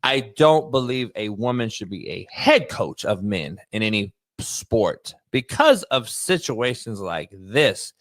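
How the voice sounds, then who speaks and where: Loud, profane sports show host, man. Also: fairly low pitch, slow pace, few pauses, no echo, studio quality. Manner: profane, animated, loud, jokey. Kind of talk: casual chat.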